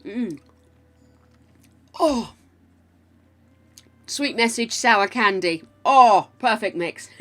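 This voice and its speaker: An older woman from England with a croaky voice, chatting and thanking viewers while building in a game, self-mocking and gushing. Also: a little high, lively intonation, extremely slow, pauses often, sharp tone. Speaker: game streamer.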